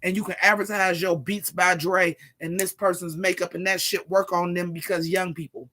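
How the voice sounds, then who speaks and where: 40-something vlogger going off, bright sharp voice, sassy and cussing nonstop. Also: medium pitch, moderate pace. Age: 40s. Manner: profane, sassy, animated, talks straight to viewers. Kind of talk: casual rant to camera.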